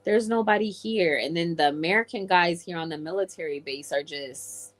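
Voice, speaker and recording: A woman's voice: on the low side, normal speed. A woman from England chatting casually with viewers on a livestream and answering their comments. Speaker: live streamer.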